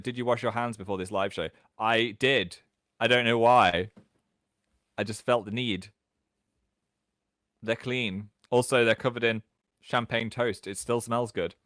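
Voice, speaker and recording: A British man in his thirties hosting a casual livestream from home, chatting and reading out viewer comments in an animated way. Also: no room sound, studio quality. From England. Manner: chatty, animated, quick jumps in pitch. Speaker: livestream host.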